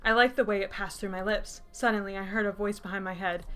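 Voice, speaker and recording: A woman's voice: mid-range voice, fairly even intonation, quick pace, hardly any pauses, fairly bright tone, smooth. A woman in her twenties reading her old writing aloud, breaking off for laughing, mocking and sarcastic asides. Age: 20s. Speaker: YouTuber.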